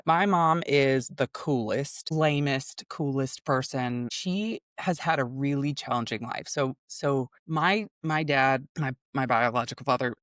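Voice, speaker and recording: A woman's voice: rumbling low, measured pace, few pauses, no room sound, clean studio sound. A woman in her thirties, a guest improv teacher, telling personal stories in casual conversation with frequent laughter. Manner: animated storyteller, laughs often.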